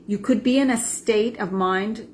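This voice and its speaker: A middle-aged woman teaching a calming technique, speaking earnestly and checking in with the viewer with frequent "right?" and "okay?". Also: medium pitch, unhurried, slight background noise. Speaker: wellness coach. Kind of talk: instructional talk with demonstration.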